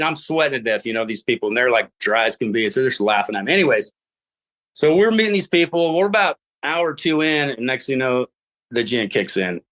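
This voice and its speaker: A middle-aged man telling a story in casual podcast talk, acting out his own past lines and laughing as he goes. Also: mid-range voice. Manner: animated, acts out his own past dialogue; laughs while telling stories. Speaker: podcast guest.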